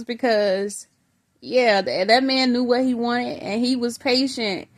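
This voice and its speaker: A woman's voice: a little high, slow. Earnest woman sharing a spiritual testimony. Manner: earnest, conversational, many fillers, addresses viewers as brothers and sisters. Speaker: faith vlogger recounting a vision. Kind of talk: spoken personal testimony.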